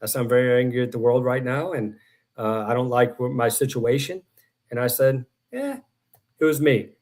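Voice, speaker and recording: A middle-aged man talking as a guest in a casual interview. He rambles through animated anecdotes and acts out the other people in them. His voice sits at an ordinary pitch for a man. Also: normal speed. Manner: rambling, animated storyteller acting out quotes. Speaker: guest author and professor.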